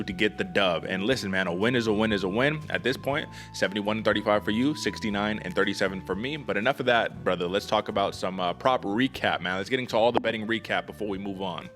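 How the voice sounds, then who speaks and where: A man's voice: on the low side, fairly bright tone. A man hosting a casual sports podcast, talking energetically and emphatically to his co-host.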